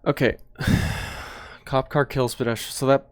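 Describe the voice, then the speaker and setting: A man's voice: mid-range voice, steady tone, slow pace, heavy background noise. A man and former police officer giving blunt, profane, analytical commentary on body cam footage.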